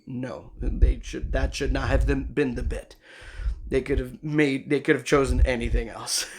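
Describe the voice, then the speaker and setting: A man who is a voice actor and the host of his own channel, giving emphatic, profane commentary to camera that swings between loud and soft. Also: medium pitch, vocal fry.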